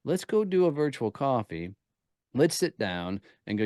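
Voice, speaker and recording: A man talking as a podcast guest, telling energetic stories with punchy emphasis. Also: medium pitch, measured pace, no echo, clean studio sound. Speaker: podcast guest, networking speaker. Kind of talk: casual interview talk.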